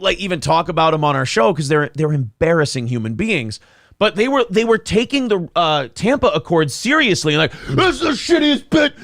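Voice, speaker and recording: Man, podcast co-host, high animated delivery, sarcastic ranting, profane banter. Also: no room sound, studio quality. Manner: ranting, sarcastic, mocks critics in shouted voices.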